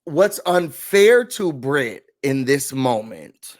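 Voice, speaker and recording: A man hosting a casual reality TV recap, talking in an animated, dramatic way with slangy asides. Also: on the high side, measured pace.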